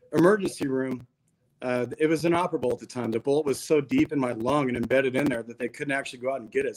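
A man speaks as a podcast guest, with a voice at an ordinary, middle pitch. He tells a long personal story in an easygoing, slangy way, often dropping in "dude.". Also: poor audio. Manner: laid-back, slangy, peppers talk with "dude". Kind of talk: casual storytelling interview.

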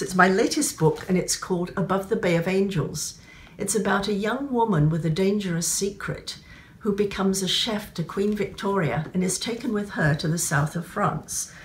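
A woman novelist reading from her own book in a gentle, measured storytelling manner, then giving writing tips. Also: mid-range voice, a little hiss or hum.

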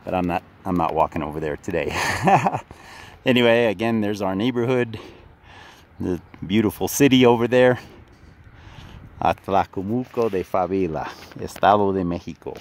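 Middle-aged man, lowish voice, loose and chatty vlogger recording outdoors. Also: moderate pace. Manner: rambling, restarts often, chuckles. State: out of breath. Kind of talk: casual vlog narration. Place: outdoors near a mine, walking.

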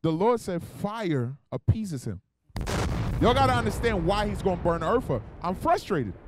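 Lively high-voiced male preacher. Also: moderate pace, slight background noise. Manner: emphatic, colloquial, directs the reader. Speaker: officer teaching scripture. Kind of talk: street-style teaching sermon.

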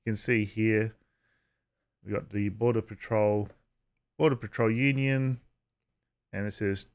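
A man giving casual vlog commentary, halting with frequent uhs and restarts and chuckling as he talks. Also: on the low side, steady tone, smooth. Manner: chuckles while talking. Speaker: YouTube commentator.

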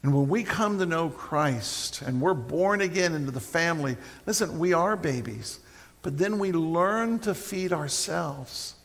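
A middle-aged man preaching a sermon as a pastor, animated and acting out mock prayers. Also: a little high, measured pace, vocal fry. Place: church sanctuary. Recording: live church broadcast with long reverb.

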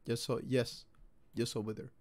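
A man's voice: mid-range voice, little pitch movement, normal speed. A man streaming a game live, chatting casually and swearing as he reacts to the action. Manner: swears and reacts loudly while playing. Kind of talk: casual live gameplay commentary.

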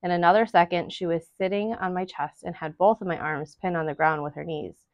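A woman reading a children's novel aloud to school families, in steady storytelling narration. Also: fairly low pitch, brisk, no echo. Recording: dull, dry lo-fi recording.

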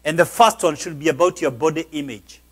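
Man, pastor, high-pitched voice, emphatic sermon delivery, exhorting. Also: fairly quick, a bit bright, husky.

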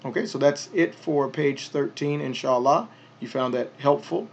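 A man teaching a pronunciation lesson, patiently explaining each sound step by step and repeating words slowly. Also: medium pitch, highs cut off. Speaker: Arabic teacher.

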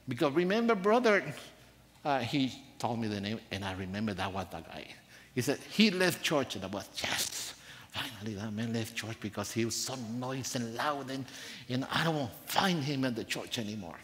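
A man preaching a sermon in a church, soft-spoken and earnest, telling a personal story with rising emphasis. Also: lowish voice, a little hiss or hum. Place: church sanctuary. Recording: church hall reverb.

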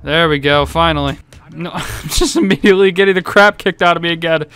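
An excitable young man narrates his own gameplay with a high, clear, smooth voice. He laughs often and shouts reactions at each surprise. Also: a little fast, faint music behind. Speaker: gaming YouTuber. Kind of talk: let's-play commentary.

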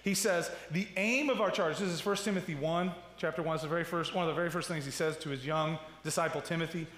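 Casting note: man in his thirties, pastor giving a chatty sermon, slightly high voice, big roomy reverb. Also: steady tone, quick pace, a bit bright. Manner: conversational preaching with asides and repeated "right?". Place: church sanctuary. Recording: roomy hall with long reverb.

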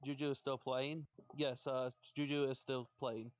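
A man's voice: medium pitch, flat delivery, a little slow, no room sound, dull audio. A man trash-talking another player on a stream voice chat, scornful and taunting, repeating his insults. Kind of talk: trash talk between matches.

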